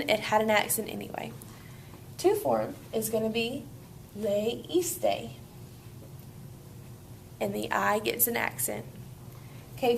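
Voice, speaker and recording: A woman teacher leads a grammar lesson step by step, upbeat and encouraging. Her voice sits a little high, with a gravelly fry at the ends of her phrases. A faint background noise runs under the recording. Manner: upbeat, walks students through steps. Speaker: Spanish teacher.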